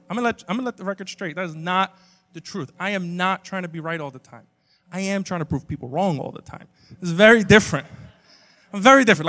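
Animated high-voiced male stand-up comic. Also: in a large hall. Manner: animated, self-mocking, rising to emphatic bursts. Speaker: stand-up comedian. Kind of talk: stand-up comedy set.

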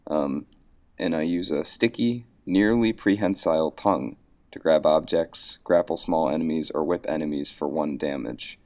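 A man's voice: a bass voice, normal speed, darkish tone. A man playing a frog character in a tabletop game, talking in a goofy, rambling way. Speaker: player.

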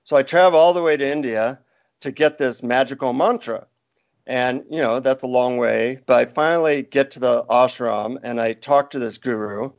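Man, author guest, gravelly voice, storytelling, muffled lo-fi audio. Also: mid-range voice, normal speed. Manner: storytelling, animated when quoting. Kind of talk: casual interview chat. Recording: dull lo-fi sound.

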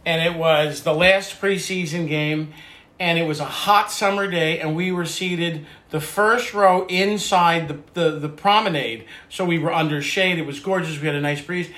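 A middle-aged man, a father, telling family stories in casual chat, animated and repeating words as he builds up. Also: fairly high pitch, moderate pace. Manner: animated storyteller, repeats words when starting.

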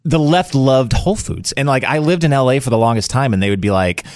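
A man's voice: a little fast, no room sound, studio quality. A young man co-hosting a talk radio show, telling funny stories with lots of energy. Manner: animated storyteller, jumps into high voices for quotes. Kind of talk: casual talk radio storytelling.

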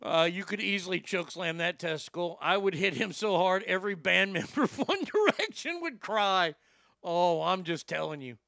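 Brash male host: high, gravelly, swearing rant, dry close sound. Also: expressive, moderate pace, sharp tone, no echo. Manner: brash, swaggering, heavy swearing. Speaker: commentary show host. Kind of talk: profane comedic rant.

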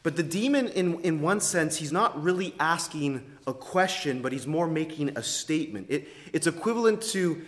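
A man preaching a sermon in an emphatic, deliberate way, his loudness rising and falling widely, in a church sanctuary. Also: fairly high pitch, lively intonation. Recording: long reverb of a large hall.

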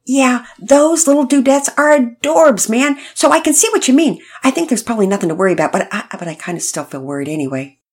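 A bright, high-pitched young boy who tumbles over his words and talks fast, excitable and quick to get emotional, as a woman reads him in a storybook. The voice sits well above the reader's own, with a slight husky edge. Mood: eager. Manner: stammering, fast-talking.

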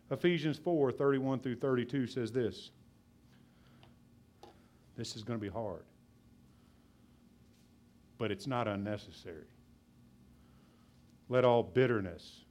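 Male pastor, fast and loud passionate preaching, drops into quiet low asides. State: out of breath. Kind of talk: sermon.

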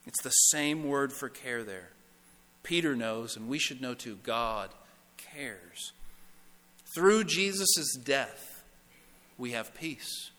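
A man preaching a sermon as pastor, emphatic, repeating phrases and dropping to a hush on key words. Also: mid-range voice, lively intonation, slow pace, pauses often, in a large hall. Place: church sanctuary.

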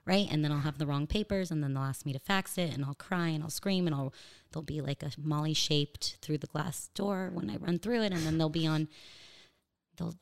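A woman's voice: low voice, a little fast, gravelly. A woman in her thirties chatting as an interview guest, joking with fillers and asides, her voice said to sound like a cartoon. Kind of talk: casual comedic interview chat.

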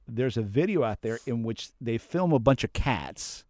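A man hosting a casual talk about personality types, acting out quoted lines in an animated way. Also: moderate pace, no echo, studio quality. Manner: animated, acts out quotes with sudden pitch jumps. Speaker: host.

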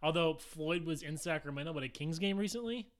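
A man's voice: a little high, brisk, a crowd in the background. A man co-hosting a sports podcast, bantering and joking with his partner. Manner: joking banter, often laughing. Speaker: podcast co-host. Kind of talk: casual sports chat.

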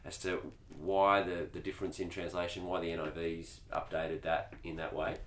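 Deep-voiced man hosting a church podcast. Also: flat delivery, normal speed, slight background noise. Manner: casual, hesitant with many fillers. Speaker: podcast host. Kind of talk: podcast discussion.

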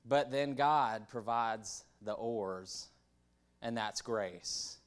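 A man putting on a solemn old-school preacher voice, slow and drawn-out in a pulpit cadence. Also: mid-range voice, clean tone. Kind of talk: mock preaching.

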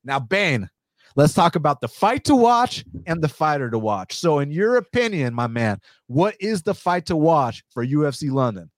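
A man hosting a casual sports podcast in an energetic, playful way, swearing casually. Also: a little high, normal speed, dry recording, clean studio sound. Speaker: podcast host.

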